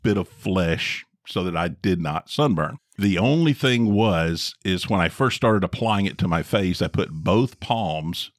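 A middle-aged man co-hosting a podcast, telling a story in a dry, drawn-out way with wry emphasis. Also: low-pitched, expressive, no room sound. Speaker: podcast co-host. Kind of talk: casual storytelling chat.

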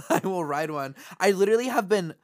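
A woman's voice: medium pitch, normal speed. Woman telling a story on a podcast. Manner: animated storytelling, laughs often, swears. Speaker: podcast co-host. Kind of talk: casual chat.

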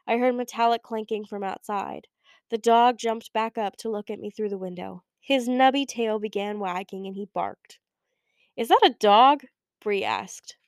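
A young woman narrating a first-person audiobook with a wry, expressive way of telling the story. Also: mid-range voice, moderate pace, smooth, dry recording, studio quality. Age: young adult. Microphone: close studio mic.

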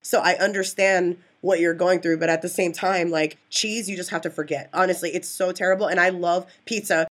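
A woman's voice: fairly low pitch, steady tone, a little fast, few pauses. A woman co-hosting a podcast, chatty and emphatic in casual conversation. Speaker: podcast co-host. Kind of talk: casual chat.

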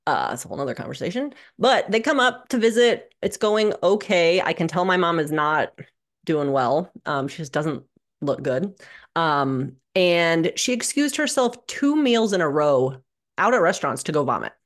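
A young adult woman telling a personal story as a podcast guest, animated and sardonic, swearing freely. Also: lowish voice, moderate pace. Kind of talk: candid conversational storytelling. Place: living in Minnesota.

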